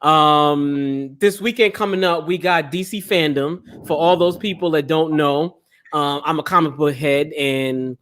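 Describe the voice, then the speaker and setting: A man hosting a casual podcast chat, excitable and laughing often, his voice jumping up when he gets going. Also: fairly high pitch. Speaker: host.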